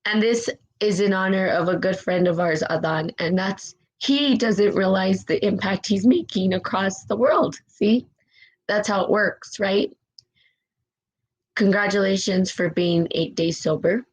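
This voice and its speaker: Her mid-range voice moves at a measured pace, captured in low-quality audio. She's hosting a spiritual live stream, reading viewer comments and giving an emotional, impassioned motivational talk, close to tears, repeating phrases and asking "right?" as she goes.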